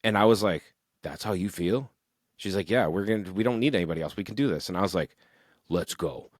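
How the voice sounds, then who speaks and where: A young man, a musician guest on a podcast, telling rambling, animated stories about his band with plenty of swearing. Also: sits low, a little fast, no room sound, clean studio sound. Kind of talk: casual podcast interview.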